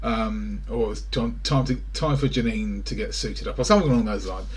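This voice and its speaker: A man's voice: on the low side, fairly quick, breathy edge. A British man rambling through a casual reaction to film trailers, full of wry asides, recorded indoors in front of a greenscreen.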